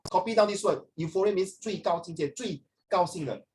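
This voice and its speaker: A man's voice: sits high, a little fast, a little mellow, low-quality recording. A man teaching a casual lesson, switching between English and Mandarin and teasing his students. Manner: playful, teasing.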